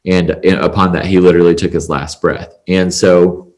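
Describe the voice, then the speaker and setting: Very low-voiced man telling a heartfelt story. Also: flat delivery, moderate pace, darkish tone. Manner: earnest, emotional, chatty with fillers. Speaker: podcast guest, salon owner. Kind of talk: conversational storytelling.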